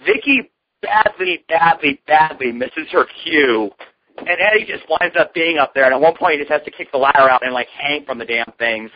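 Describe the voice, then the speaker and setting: A man co-hosting a wrestling chat, telling stories with a lot of swinging pitch and plenty of swearing. His voice sits a little high. The recording is muffled and dry, with no room sound. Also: lively intonation, normal speed, no echo. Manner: storytelling, profane, jokey. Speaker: podcast co-host.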